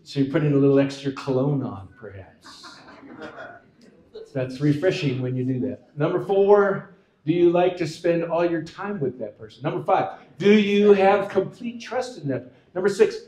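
In a church sanctuary, a worship leader gives a casual talk, joking playfully and coaxing the congregation to answer back. His warm, somewhat high voice has lively intonation and a moderate pace. The room is roomy, with music behind him.

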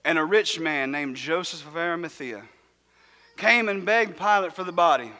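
A man's voice: a little high, normal speed, bright, forceful tone. A man preaching a sermon in a church, speaking with fervent emphasis. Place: church sanctuary. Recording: long church reverb.

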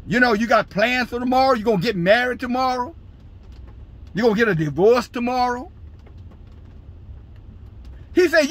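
Male preacher, fiery scolding sermon, raised husky voice. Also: very high-pitched, lively intonation, moderate pace, pauses often. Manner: scolding, preaching in bursts, shouting scripture. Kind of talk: fiery street-style sermon.

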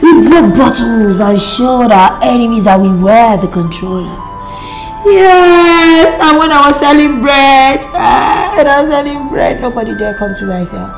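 An actress with a Nigerian accent playing a loud, gossipy young woman who can't stop talking and breaks into excited shouts, with music under it. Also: fairly high pitch, unhurried, gravelly, muffled recording. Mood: excitable. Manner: excitable, boisterous, bursts into shouts. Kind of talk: film drama acting.

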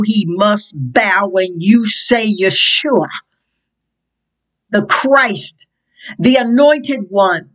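A middle-aged woman preaching a fervent prophetic sermon, quoting scripture in a slow, impassioned cadence. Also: mid-range voice, a bit bright, low-quality recording.

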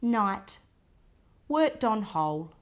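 A woman slowly reads a children's picture book aloud in a medium-pitched, sing-song voice that rises and falls with lots of movement. She takes her time over each short, clipped diary entry. Now and then she pauses to point things out softly to the child listening.

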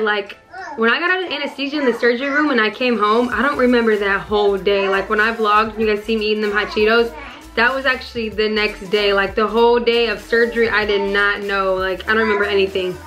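A woman's voice: fairly high pitch, fairly even intonation, fairly quick, sharp tone, soft background music. A woman vlogging casually at home, chatty and rambling, full of fillers as she talks to her viewers. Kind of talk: casual vlog chat to viewers.

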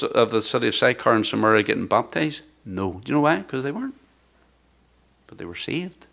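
A man, the church's pastor, preaching a sermon, rising loud when he reads scripture and dropping to quiet, hushed words. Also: fairly high pitch, gravelly. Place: church sanctuary.

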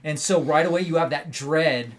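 Fairly high-voiced man, podcast co-host, excitable rambling storyteller, casual chat delivery. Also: moderate pace, slight background noise. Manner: animated, rambling storyteller with many "like" and "right?".

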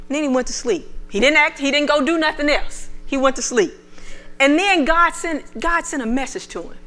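A woman minister preaches with a bright, ringing voice, pitched a little high. She talks animatedly and acts out the prophet's pleas. The feeling rises as she goes. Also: big pitch swings. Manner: reads scripture aloud in a lower, measured voice. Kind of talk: sermon with scripture reading.

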